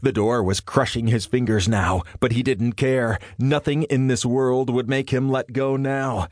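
A man narrating a thriller audiobook in a measured, suspenseful storytelling manner. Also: medium pitch, steady tone, a little mellow, no room sound.

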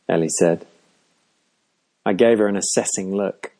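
A man narrating a first-person audiobook in a measured, dry way. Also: low-pitched, steady tone, creaky, darkish tone.

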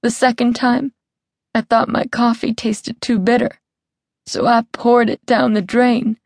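A woman's voice: fairly low pitch, fairly even intonation, a little slow, creaky, no echo, clean studio sound. A woman voicing a self-pitying, histrionic woman who whimpers and sounds aggrieved, in an audiobook. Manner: aggrieved, histrionic, soft distressed tone.

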